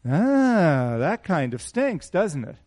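A pastor preaches to a small congregation in a somewhat high, darkish voice, very animated yet slow. He mixes conversational asides and rhetorical questions with scripture he reads aloud in a raised voice.

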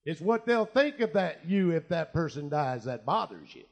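A man preaching a sermon, telling stories and acting out the people in them, with quiet asides and loud bursts of prayer. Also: on the high side, sing-song, normal speed, vocal fry. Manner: storytelling, voices quoted people, swings from quiet asides to loud shouted prayer. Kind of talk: sermon with acted anecdotes.

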